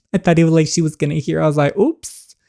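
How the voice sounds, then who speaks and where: A man's voice: a little high, level tone, brisk, creaky, mellow. A man playing a story game and chatting his reactions between the lines, laughing as he goes. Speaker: game player. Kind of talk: let's play reaction.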